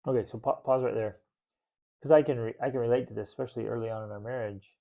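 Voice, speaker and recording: A man hosting a podcast, chatting casually with his wife and acting out their old arguments in lively voices. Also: mid-range voice, fast talker, creaky, lo-fi sound. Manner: animated, acts out arguments in voices. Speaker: podcast host.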